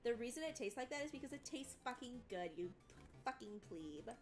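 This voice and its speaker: A man's voice: extremely high pitch, expressive, a little fast, soft background music, voice pushed up. A trans man putting on a sassy, profane valley girl voice during casual live-stream banter. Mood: mock outrage. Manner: profane, drawling, mock-snobbish.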